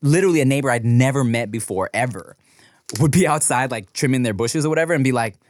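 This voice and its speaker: A man's voice: medium pitch, quick pace. A man in his thirties, a new father, chatting casually with restarts and swearing, telling stories. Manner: rambling, profane, animated storytelling with restarts. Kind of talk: casual chat while eating.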